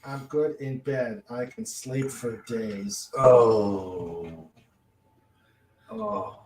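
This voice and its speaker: A man's voice: mid-range voice, lively intonation, extremely slow, darkish tone, poor audio. A man co-hosting a casual podcast chat, reading out listener comments with frequent chuckles and trailing mutters. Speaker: podcast co-host.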